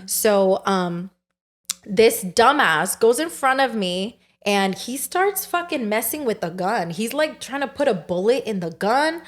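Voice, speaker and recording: A woman's voice: on the high side, animated, unhurried. A young woman, a podcast guest, telling a frightening personal story in a breathless rush and swearing often.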